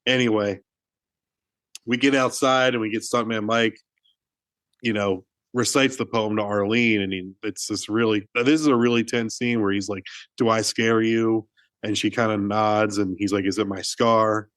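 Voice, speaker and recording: A man's voice: fairly low pitch, fairly even intonation, normal speed, a bit bright, dry recording. Chatty man podcasting about a film. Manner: chatty storyteller, many "like"s and restarts. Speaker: podcast co-host. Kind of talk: casual film discussion.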